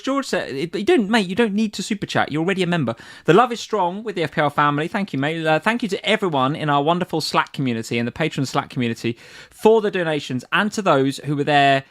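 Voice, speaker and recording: A man's voice: a little high, fairly bright tone. A man, co-hosting a casual livestream and reading out viewer comments. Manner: chatty, reads viewer comments aloud. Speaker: co-host. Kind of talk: casual chat.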